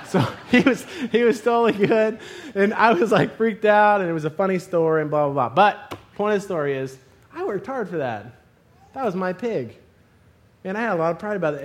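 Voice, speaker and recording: A man preaching a sermon, telling a funny personal story and acting out the scenes with loud exclamations. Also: high-pitched. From Arizona.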